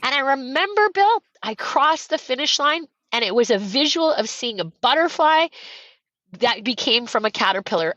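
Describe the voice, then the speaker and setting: High-energy canadian woman coach telling her story, bright tense voice, dry dull podcast sound. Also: very animated, normal speed, no echo. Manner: high-energy, fervent, repeats phrases for emphasis. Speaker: real estate coach and guest. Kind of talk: emotional storytelling in a podcast interview.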